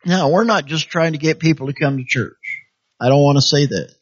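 A man's voice: a little high, brisk. A man preaching a sermon, urging his listeners on and filling his talk with amens and hallelujahs, often acting out what people might say. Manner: exhorting, calls for "amen" and "hallelujah", acts out quoted voices. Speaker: pastor. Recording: dull lo-fi sound.

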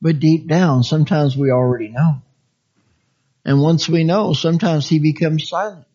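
At a moderate pace and with a breathy edge, a man preaches a sermon in a folksy, conversational way. He chuckles often, his delivery swinging between lively high phrases and quiet soft ones, all on a dull lo-fi recording.

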